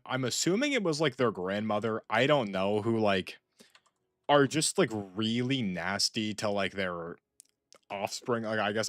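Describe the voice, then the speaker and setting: Young male streamer, low voice, dry close mic, rambly casual chatter. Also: fairly bright tone, no echo. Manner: rambling, full of "like" and restarts. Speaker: gaming streamer. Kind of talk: casual gaming chat.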